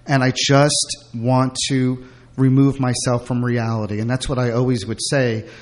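A man's voice: medium pitch, steady tone, moderate pace. A middle-aged man from Brooklyn, a guest telling candid personal stories in a rambling way, full of fillers and restarts.

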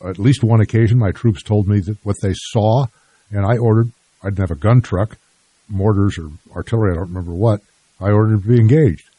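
An older man hosting a radio talk show and interviewing a guest in a measured, plain-spoken way. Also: on the low side, dark tone, slightly rough, no echo.

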